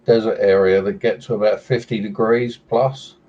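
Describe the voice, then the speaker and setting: A man's voice: fairly low pitch, steady tone, normal speed, a little mellow, far from the mic, highs cut off, slight background noise. A man in a casual chat, telling tall stories with dry humor. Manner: dry joke-telling storyteller.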